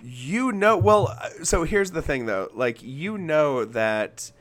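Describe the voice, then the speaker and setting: A man's voice: fairly high pitch, expressive, takes it slowly, fairly bright tone. A young man from Alabama, a podcast co-host in casual music chat, who rambles, reads passages aloud and restarts his sentences often.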